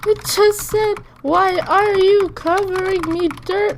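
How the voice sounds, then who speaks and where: A woman's voice: extremely high pitch, fairly even intonation, slow pace, hardly any pauses, slight background noise. A woman chatting casually, giggly and teasing. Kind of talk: casual chat while recording.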